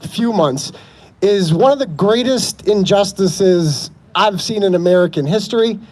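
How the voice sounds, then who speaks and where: A man's voice: sits high, animated, unhurried, darkish tone. A man giving an impassioned, sarcastic speech at an outdoor street protest. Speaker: protest speaker.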